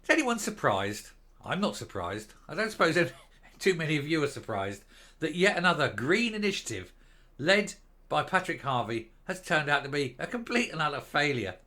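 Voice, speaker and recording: A man's voice: on the high side, big pitch swings, normal speed, sharp tone. An older man giving an indignant, sarcastic political rant, blunt and crude. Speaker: political commentator. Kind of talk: ranting online commentary.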